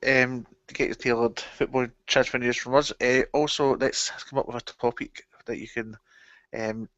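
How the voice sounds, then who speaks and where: A man's voice: medium pitch, steady tone, moderate pace, fairly bright tone, no room sound. A man co-hosting a casual livestream, talking hesitantly with many ums. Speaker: livestream co-host. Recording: dull, lo-fi dry sound.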